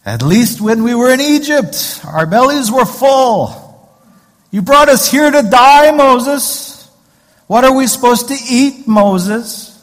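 A preacher mimicking a shrill whiny grumbling crowd. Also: male voice, animated, takes it slowly, full character voice. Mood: whining. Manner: shrill, whining, accusing. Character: whiny complaining crowd of wandering Israelites. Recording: long hall reverb.

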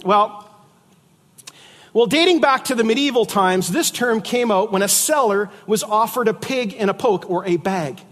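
A middle-aged man with a rather high voice preaches a sermon in a loose, chatty way, mixing scripture with jokes and stories. His voice rings out with a long hall reverb. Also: moderate pace, a bit bright. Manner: conversational preaching with jokes and asides. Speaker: pastor.

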